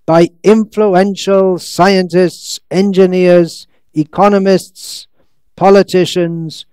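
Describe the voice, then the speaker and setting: A man lecturing on scripture with a high, smooth and clear voice. He talks slowly and stretches his words as he reads quotes, then slips into dry, sarcastic asides. The sound is close and dry, with no room echo. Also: darkish tone. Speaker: monk lecturer. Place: lecture hall in India.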